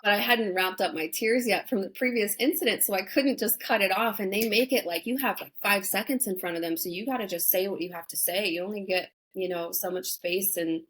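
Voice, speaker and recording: A young woman speaking frankly as an interview guest, her voice sitting at an ordinary middle pitch. She talks bluntly and swears freely, and her sentences run on with casual fillers. She keeps a conversational tone throughout. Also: a little fast, hardly any pauses, fairly bright tone, low-quality recording. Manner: conversational, many "like" and "you know" fillers. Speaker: interview guest, former reality show contestant. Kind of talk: candid sit-down interview.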